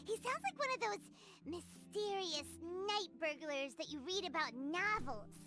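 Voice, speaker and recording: A woman's voice: very high voice, very animated, normal speed. A woman voicing a tiny, eager female fairy-like companion in a game, curious and chirpy. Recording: game audio with music behind.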